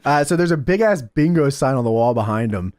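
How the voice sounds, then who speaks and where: A man's voice: medium pitch, animated, brisk, a little mellow, dry recording, studio quality. A man co-hosting a casual wrestling podcast, recapping scenes with jokey asides and frequent laughter. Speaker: podcast co-host. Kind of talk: casual chat.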